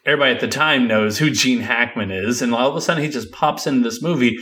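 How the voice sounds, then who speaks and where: A man's voice: mid-range voice, fast talker, bright, forceful tone. A man co-hosting a film podcast, talking conversationally and laughing often. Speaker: podcast co-host. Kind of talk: casual film discussion.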